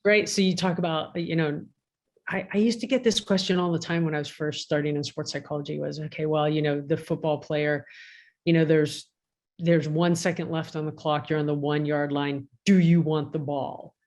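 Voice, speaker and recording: A woman sports psychologist giving a casual talk over a video call, lively, with many restarts and "right?" tags. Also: low-pitched, moderate pace. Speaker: guest speaker, sports psychologist.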